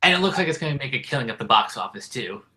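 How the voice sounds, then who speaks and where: A man's voice: medium pitch, animated, rapid-fire, bright, forceful tone. A man co-hosting a casual fan chat, hesitant, with short agreeing replies. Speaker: co-host.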